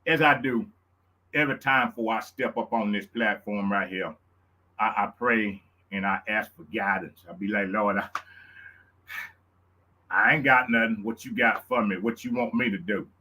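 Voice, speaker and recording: A man with a Louisiana Southern accent hosting his own live show, hyped and preacherly, repeating lines and whooping up high. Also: moderate pace, bright, forceful tone. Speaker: show host. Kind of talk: excited live-stream talk.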